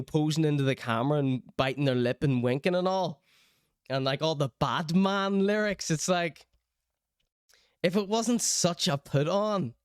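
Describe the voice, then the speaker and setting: Wry Northern Irish man, crisp clear voice. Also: fairly high pitch, no echo, studio quality. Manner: wry, sardonic, mock-indignant. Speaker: streamer and show host. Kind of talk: live-stream commentary, reading out chat.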